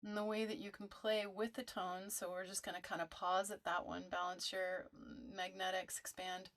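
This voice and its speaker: A woman teaching a vocal toning practice, talking listeners through it in a gentle coaching way and showing the sounds herself. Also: flat delivery, moderate pace. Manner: gentle coaching, demonstrates high owl-like hoo tones. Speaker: meditation teacher. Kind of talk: guided toning instruction.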